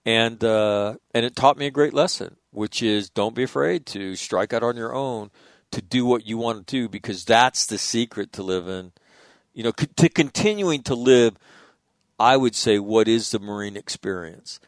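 A middle-aged man and Marine veteran, telling stories in a blunt, profane, animated way in a casual interview. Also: medium pitch, normal speed, no room sound, clean studio sound.

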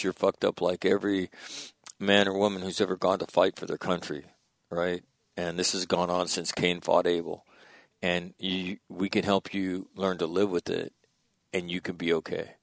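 A man telling a war story in a podcast conversation, blunt and profane, dropping his voice when quoting. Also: no room sound. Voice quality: low gravelly voice. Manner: blunt, profane, drops to a hush for quoted dialogue. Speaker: guest, former military officer.

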